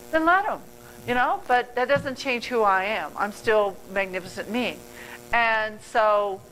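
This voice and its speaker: An older woman, speaking as a guest at a club meeting, delivers an earnest motivational talk, rambling and correcting herself mid-sentence. Her voice is medium-pitched and fairly bright, and the low-quality recording has slight background noise.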